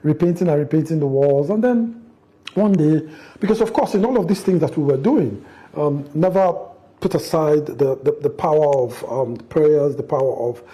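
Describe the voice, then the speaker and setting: A middle-aged man, telling a family story in an interview, animated and acting out the quotes, with frequent restarts. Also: a little high, moderate pace. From Nigeria. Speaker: interview guest, father.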